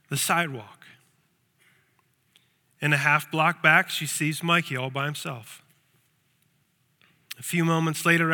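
Male pastor, sermon, storytelling, repeats words, high voice, echoey church hall. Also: bright, forceful tone.

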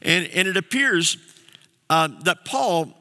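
A male pastor preaching a sermon in a conversational, halting way, with many fillers and restarts. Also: high voice, animated, bright, forceful tone. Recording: long hall reverb.

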